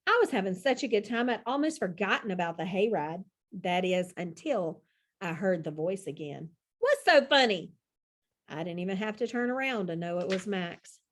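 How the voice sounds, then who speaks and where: A woman narrating a children's storybook in the first person, with an expressive reading style. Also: mid-range voice, normal speed.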